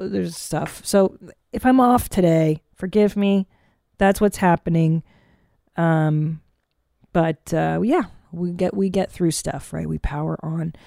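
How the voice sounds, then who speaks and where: A woman's voice: lowish voice, measured pace, gravelly, mellow, dry recording. A woman stand-up comedian hosting a podcast in a studio booth, chatting casually in a frank, profane, rambling way.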